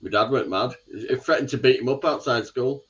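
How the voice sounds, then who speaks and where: A man's voice: medium pitch, fairly quick. A man chatting casually as a guest on a live stream, swearing and laughing as he tells a story. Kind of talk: casual chat. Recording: dull lo-fi sound.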